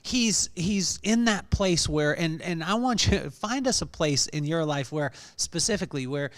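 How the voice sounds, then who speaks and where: A man's voice: on the high side, animated, normal speed. A man hosting a podcast, joking and laughing as he asks questions in a casual interview. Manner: joking, laughs while talking. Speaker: podcast host.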